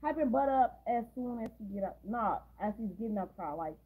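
A woman's voice: fairly high pitch, animated, a little fast, husky. A woman recapping a movie scene by scene in a casual way, with blunt, sarcastic asides. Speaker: movie reaction host. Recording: tinny phone-like sound.

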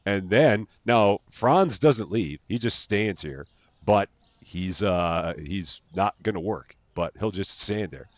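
A man's voice: on the low side, animated, takes it slowly, no room sound. A man hosting a live game stream, greeting viewers by name in a cheerful sing-song lilt. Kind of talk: live gameplay stream chat.

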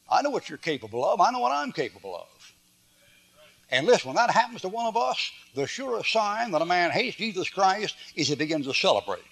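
An older preacher man delivering a sermon in a folksy, storytelling way. His voice sits a bit high, and he swings from loud bursts down to low, quiet asides. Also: slightly rough.

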